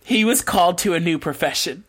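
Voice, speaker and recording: A woman's voice: on the low side, a little fast. A woman co-hosting a podcast, telling a true crime case in casual chat, laughing and adding asides as she goes. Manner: laughs often, relaxed storytelling with asides.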